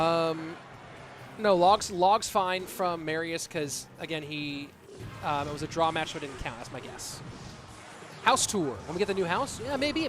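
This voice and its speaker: A man's voice: fairly high pitch, background noise. A man in his thirties casting a live online game match and chatting casually with his viewers. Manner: casual, chatty, reads donations aloud. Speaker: esports caster and streamer. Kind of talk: live esports commentary and chat.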